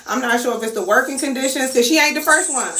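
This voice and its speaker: A woman telling a casual story, acting out the voices of people in it with big swings in pitch. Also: fast. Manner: animated, acts out quotes with big pitch swings. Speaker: storyteller host. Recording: echoey room with faint noise.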